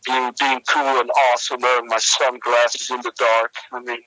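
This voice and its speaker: A young man co-hosting a comedy podcast, telling a rambling story with many halting restarts. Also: mid-range voice, level tone, pushed and bright, low-quality recording. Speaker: podcast co-host.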